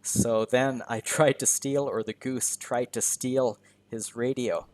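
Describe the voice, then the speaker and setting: A man's voice: medium pitch, steady tone, slow, a little mellow. A man teaching English by narrating a video game in simple words, often repeating and rephrasing himself as he goes. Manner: repeats and rephrases simple sentences, self-correcting. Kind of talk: slow, simple narration of gameplay for learners.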